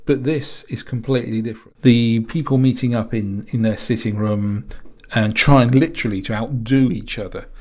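A man's voice: medium pitch, fairly even intonation, moderate pace. A man reviewing an old horror film in a rambling, chatty way with asides.

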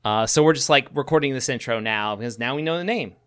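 A man co-hosting a podcast in casual chat, rambling and halting, often laughing. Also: medium pitch, a bit bright, smooth, no room sound, clean studio sound. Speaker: podcast co-host.

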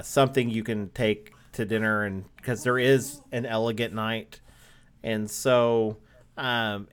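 A man co-hosting a casual travel podcast, playful and quick to laugh. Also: medium pitch, clear, resonant tone. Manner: playful, laughs often, tries silly impressions. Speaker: podcast co-host. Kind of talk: casual chat.

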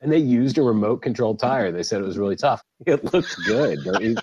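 A man hosting a casual podcast chat, animated and swearing freely, laughing often. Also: mid-range voice, fairly quick, dull audio, a little hiss or hum. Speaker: podcast host.

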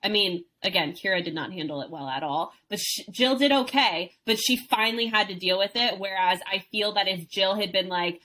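A woman's voice: mid-range voice, a little fast, few pauses, bright, forceful tone. A woman co-hosting a podcast in a casual chat, speaking bluntly and emphatically, with the odd swear word. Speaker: podcast co-host. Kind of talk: casual chat recapping a reality show.

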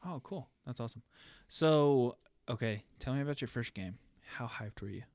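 A man hosting a casual interview, curious, asking many questions and quick to laugh. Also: mid-range voice, darkish tone, no echo, clean studio sound. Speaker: podcast host.

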